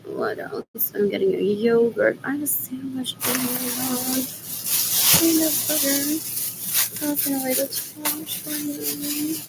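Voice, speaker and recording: A woman's voice: high-pitched, steady tone, slow, gravelly, heavy background noise. A woman from Rico, rambling through a personal vlog while out running errands. She switches between English and Spanish and keeps repeating herself. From Puerto Rico. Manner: rambling, mixes English and Spanish, repeats "what else" over and over. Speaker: vlogger.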